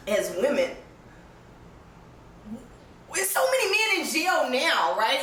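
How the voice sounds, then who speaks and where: Speaking at a measured pace and pausing often, a woman vlogger with a high, slightly bright voice shares a personal story in a very animated way. She's blunt and swears, laughs a lot, and seems emotional, close to crying. Her distant mic picks up room echo and faint background noise.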